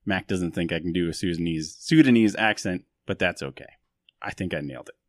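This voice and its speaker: Deep-voiced joking podcast host man. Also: fairly quick, no echo, studio quality. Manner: joking, self-mocking, rambling. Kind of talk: casual podcast chat.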